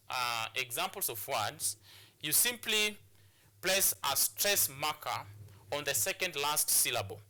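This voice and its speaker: A man's voice: on the high side, sharp tone. A man with a Kenyan English accent teaching a lesson on word and sentence stress, repeating words and restarting phrases as he explains. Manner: repetitive, restarts phrases, drills words aloud. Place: studio or classroom for educational broadcast.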